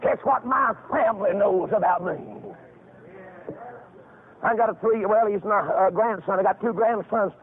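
Fervent high-voiced preacher, older man. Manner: fervent, rising into shouts with drawn-out phrases. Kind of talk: revival sermon with storytelling. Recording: phone-like, narrow band.

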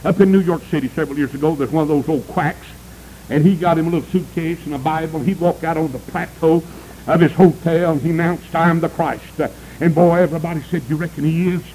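A man preaching a revival sermon, breaking into sudden high shouted cries and saying "uh" before nearly every phrase. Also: fairly even intonation, fast, a little hiss or hum, low-quality recording.

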